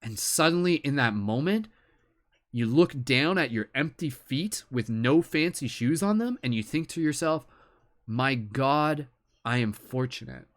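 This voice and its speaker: A man's voice: on the high side, lively intonation, moderate pace. A man giving a live tarot reading, talking in a reflective, earnest way and often filling with "like" and "you know". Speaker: tarot reader.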